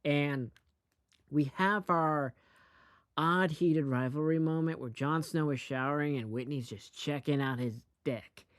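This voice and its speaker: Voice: medium pitch, measured pace, no echo, studio quality. A host giving a casual, rambling and profane recap of a TV episode, speaking bluntly.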